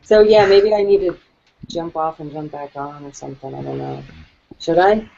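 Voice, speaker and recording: A woman co-hosting a live online training, chatting in a lively way. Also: deep voice, moderate pace, vocal fry. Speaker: co-host. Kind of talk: casual live webinar chat. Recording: muffled online call audio.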